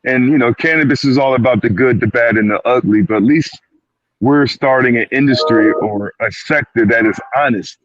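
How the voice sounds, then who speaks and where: A man appears as a clinician guest in a panel discussion, speaking at normal speed in a medium-pitched voice. Emphatic by nature, he repeats his words and often slips into quoted asides, and the recording is dry and muffled.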